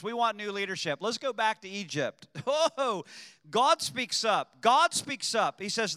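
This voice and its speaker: High bright-voiced preaching man. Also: clear, resonant tone, no echo, long reverb tail. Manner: preaching with surges to shouting emphasis. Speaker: pastor. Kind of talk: sermon.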